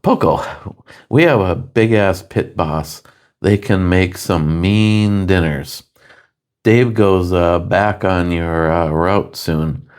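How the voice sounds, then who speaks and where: A man's voice: low voice, slow, darkish tone. A man co-hosting a beer review stream, chatting casually and joking while he reads viewer comments aloud. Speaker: beer review co-host reading chat comments. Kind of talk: casual chat.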